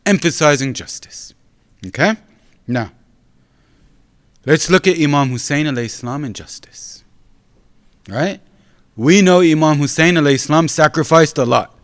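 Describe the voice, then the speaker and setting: A man giving a sermon as a sheikh, explaining patiently and often checking in with "right?". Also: mid-range voice. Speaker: sheikh leading a religious gathering. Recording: long hall reverb.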